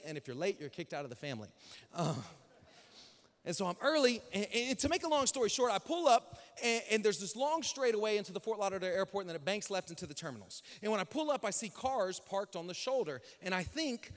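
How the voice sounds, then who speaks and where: A male pastor telling a story in a sermon, animated, dropping to a hush and then rising loud. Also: high voice, fairly quick. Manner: animated, swings between hushed and loud. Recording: long hall reverb.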